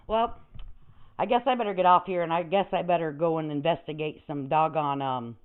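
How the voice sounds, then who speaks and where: A woman's voice: sits low, brisk, clear, resonant tone. An older woman hosting a livestream, ranting in a brash, profane, rambling way, with static on the line. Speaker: livestream host. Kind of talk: casual livestream rant. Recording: tinny phone-like audio with static.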